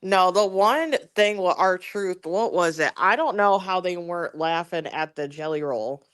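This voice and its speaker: Bright-voiced laid-back co-host. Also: medium pitch, a little slow, clear, resonant tone. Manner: relaxed, laughing, trailing off. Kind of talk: casual wrestling chat.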